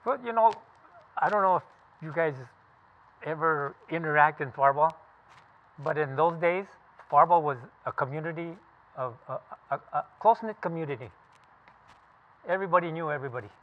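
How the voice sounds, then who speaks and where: Older man, 70s, from California, veteran, blunt, profane, emphatic, slightly high voice, talking to a class. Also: fairly quick, long pauses. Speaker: veteran telling his story. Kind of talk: casual spoken recollection to a group. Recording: tinny phone-like sound.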